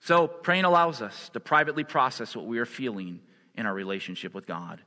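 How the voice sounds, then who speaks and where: A man's voice: medium pitch, a little fast, sharp tone. A male pastor preaching a sermon, stressing his points by repeating phrases. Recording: long hall reverb.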